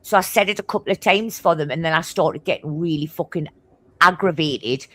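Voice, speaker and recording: A woman with a broad Geordie accent, blunt and swearing constantly as she tells animated stories in casual chat. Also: sits low. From Newcastle, England. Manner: talks fast.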